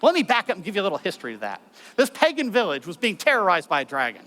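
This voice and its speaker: A man lecturing a live audience in an animated way, with many rhetorical questions. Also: sits high, very fast. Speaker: speaker.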